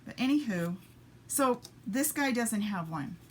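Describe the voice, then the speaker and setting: A woman's voice: fairly high pitch, lively intonation, measured pace, a little hiss or hum. A woman demonstrating papercraft in a casual live stream, chatting to viewers and muttering little asides to herself as she works at a home craft table.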